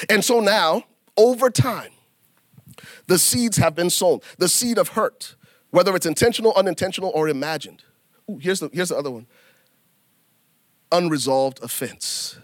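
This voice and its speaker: A man preaching a sermon in an animated, folksy way, turning to the congregation and acting out little scenes. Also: high voice, a little slow, long pauses, dry recording. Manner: animated preaching with acted asides; folksy, addresses congregation as y'all. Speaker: pastor.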